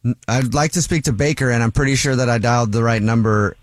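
A male radio host running a call-in segment in the studio, incredulous and quick to laugh. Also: mid-range voice, dry recording. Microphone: studio mic.

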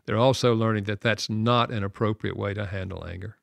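An older man talks in a low, earnest voice, sharing a heartfelt story on a radio talk show. He speaks softly and laughs at himself now and then. The studio sound is dry and close. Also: fairly even intonation, fairly quick, gravelly, dry recording. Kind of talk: conversational storytelling.

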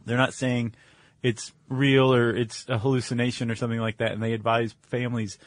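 A man's voice: mid-range voice, level tone, fairly quick, no echo. A man co-hosting a podcast, explaining in casual chat with fillers and restarts. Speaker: podcast co-host.

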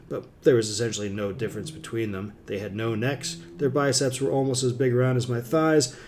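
Male narrator for a first-person thriller audiobook, steady and wry. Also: mid-range voice.

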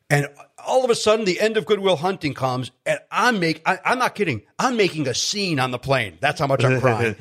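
A man from Chicago, a guest comedian, telling stories in casual chat, animated and self-deprecating with many restarts. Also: fairly high pitch, brisk, few pauses. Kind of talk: casual storytelling.

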